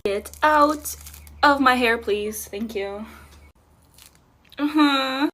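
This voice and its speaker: A young woman with a fairly high voice talks to her viewers in a chatty, playful vlog manner. She pokes fun at herself in an easygoing, casual way. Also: slow pace, fairly bright tone. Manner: playful, chatty, self-mocking. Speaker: makeup creator.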